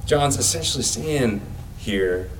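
A man's voice: medium pitch, expressive, slow pace, distant mic, a little hiss or hum, low-quality recording. A man giving a sermon in a casual, conversational way, using everyday comparisons. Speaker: preacher.

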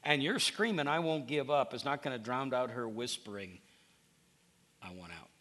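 A man's voice: mid-range voice, moderate pace, slight background noise. A middle-aged male pastor preaching a sermon in a conversational, storytelling way. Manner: conversational storytelling, animated with restarts.

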